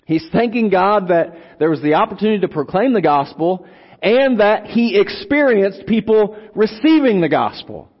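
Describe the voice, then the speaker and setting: A man preaching an expository sermon, teaching slowly and deliberately, lingering on single words and repeating phrases for emphasis. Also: high voice, expressive. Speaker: preacher teaching on a Bible letter. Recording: long hall reverb, dull lo-fi sound.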